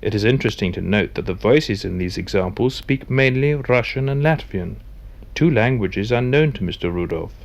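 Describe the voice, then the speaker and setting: Guy reading a documentary script, even and formal. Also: on the low side, moderate pace, gravelly. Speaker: documentary narrator. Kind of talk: scripted narration.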